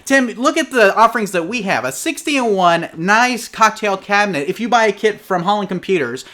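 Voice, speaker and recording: A man's voice: high-pitched, moderate pace. A man co-hosting a live online show over a video call, chatting casually and animatedly and often tagging his points with "okay?". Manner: animated and persuasive, frequent "okay?" and "there you go". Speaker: co-host of a live arcade repair show. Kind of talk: casual live-stream chat, reading viewer comments. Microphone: remote video call.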